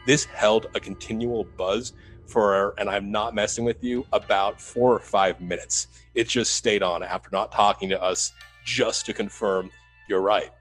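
A man who works as a paranormal investigator, telling the story of a haunting in an animated, building way in an interview. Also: fairly low pitch, measured pace, soft background music, poor audio. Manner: animated retelling, rising to loud urgency.

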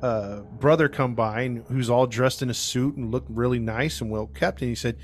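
A man's voice: mid-range voice, steady tone, normal speed, soft background music. Man retelling a true crime case. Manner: rambling, with many fillers and restarts; acts out quotes in his retelling. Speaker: podcast host narrating the case. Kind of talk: casual true crime storytelling.

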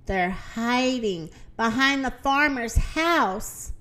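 A woman voicing a calm, sensible female cow in a read-aloud storybook, with a gentle, steady manner. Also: a little high, slow pace, heavily acted.

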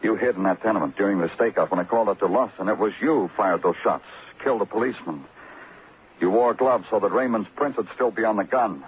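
Classic radio mystery. A man plays a steady detective with a lowish voice who speaks in clipped, methodical sentences. It comes through a dull old broadcast with faint hiss. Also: fast, natural voice. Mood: firm. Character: shrewd male detective laying out a case. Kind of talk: 1940s radio acting.

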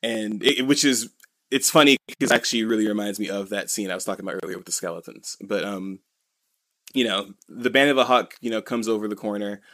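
A man's voice: on the low side, fairly quick, a bit bright. A man co-hosting a podcast, recapping a comic in casual chat, rambling and full of "you know" and "like". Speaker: podcast co-host.

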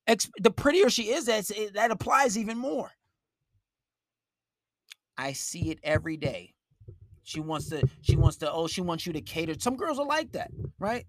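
A man's voice: high voice, sing-song, normal speed, long pauses, no room sound, studio quality. A man giving blunt, profane dating advice on a live stream, talking in an emphatic rant.

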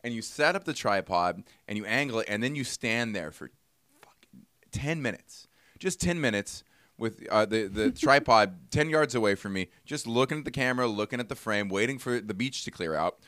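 A man's voice: fairly low pitch, lively intonation, fairly quick, hardly any pauses, fairly bright tone, clean tone, dry recording, studio quality. A man co-hosting a podcast, casually telling a rambling story and acting out both sides of the conversation. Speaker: podcast co-host. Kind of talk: casual chat.

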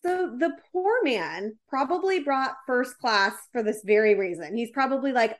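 Woman, casual chat, animated storyteller, slightly high pitch. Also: normal speed. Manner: animated storytelling with many "like" fillers.

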